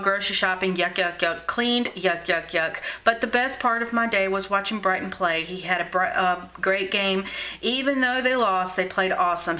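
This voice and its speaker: A middle-aged woman, a scrapbooking vlogger, chats casually from her craft room at home, showing off her scrapbook journal with gushing enthusiasm, lots of fillers and restarts. Her voice is mid-range with a sharp tone, and the audio is poor.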